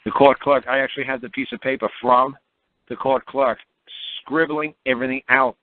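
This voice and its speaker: A man's voice: medium pitch, fairly even intonation, normal speed, no echo. Blunt man on a tinny radio line. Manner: blunt, emphatic, repetitive, laughs at his own stories. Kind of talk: animated monologue on a call-in radio show.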